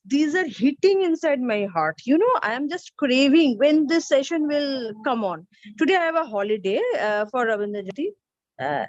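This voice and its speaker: A woman, sharing earnestly as a session participant, pausing often with fillers. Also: high-pitched, a little mellow, dry recording. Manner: earnest, hesitant with many fillers. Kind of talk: sharing testimony. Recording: dry, dull lo-fi audio.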